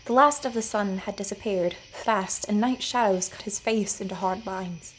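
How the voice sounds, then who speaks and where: A woman narrating her own scripted audio fiction story in a measured storytelling manner. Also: medium pitch, a little hiss or hum, low-quality recording. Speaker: writer and narrator.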